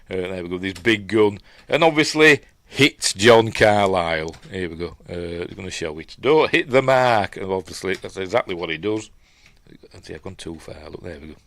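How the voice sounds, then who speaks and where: A middle-aged Yorkshire man with a lowish voice talks his way through a film in a loose, rambling commentary. He trails off, restarts and chats with his live viewers as he goes. His voice sounds close and dry, with no room sound around it. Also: fairly bright tone, dry recording. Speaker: host. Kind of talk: casual film breakdown commentary.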